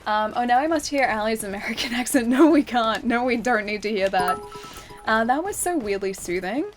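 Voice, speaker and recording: A woman's voice: a little high, expressive, normal speed, soft background music. A woman streamer chatting casually while she plays a game, reading viewer messages aloud and laughing often. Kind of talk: casual live-stream chat while gaming.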